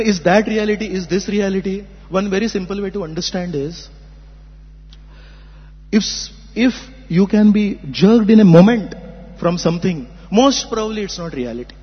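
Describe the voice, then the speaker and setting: A man's voice: high voice, husky. A man giving an earnest philosophical talk as a spiritual teacher, explaining with rhetorical questions. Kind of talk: philosophical discourse. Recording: muffled hall recording.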